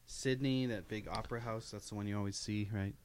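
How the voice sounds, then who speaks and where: A man's voice: fairly low pitch, fairly even intonation, a little fast. A man co-hosting a live stream, talking in an easygoing, rambling, playful way. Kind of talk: casual banter.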